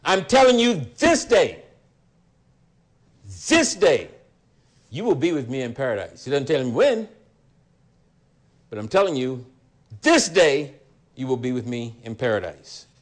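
A man teaching a Bible study sermon in a deliberate, emphatic way, repeating his key lines. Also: mid-range voice, big pitch swings.

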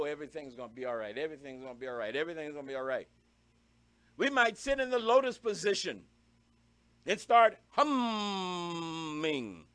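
A man preaching a sermon in an emphatic, repetitive style, punching single words with sudden loud stresses. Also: a little high, no echo.

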